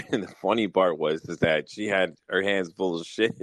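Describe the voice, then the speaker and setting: Low-voiced man swearing through casual stories. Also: moderate pace, a bit bright, no room sound, rough recording. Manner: profane, storytelling, gets worked up. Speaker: podcast host. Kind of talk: casual podcast chat.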